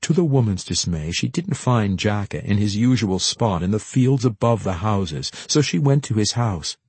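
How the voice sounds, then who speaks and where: Expressive male narrator, husky and deep-ish, close dry sound. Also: normal speed, dry recording. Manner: expressive storytelling reading. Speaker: audiobook narrator. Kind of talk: scripted narration.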